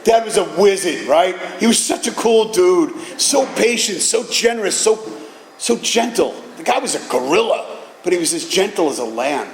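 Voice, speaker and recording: A middle-aged man giving an animated personal talk at a recovery meeting, telling stories with casual profanity. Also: high voice, normal speed, a little hiss or hum. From Boston area, USA. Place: meeting hall. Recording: echoey hall with faint ambience.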